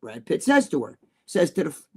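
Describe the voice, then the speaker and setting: A man's voice: on the high side, wildly swooping pitch, brisk, slightly rough. A man with a New Jersey accent, co-hosting a casual live chat in a blunt, rambling, profane way. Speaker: co-host.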